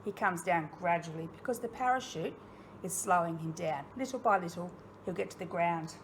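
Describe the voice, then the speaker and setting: Speaking fairly quickly in a lowish voice, a woman with an Australian accent teaches young pupils in a recorded online lesson. As their primary school teacher, she addresses them directly, asking questions with encouraging, expressive delivery, over a faint hiss or hum.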